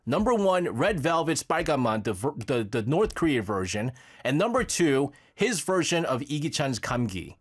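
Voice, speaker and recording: A radio host in animated, casual chat, teasing a co-host and often breaking into laughter. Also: mid-range voice, fairly quick, slightly rough.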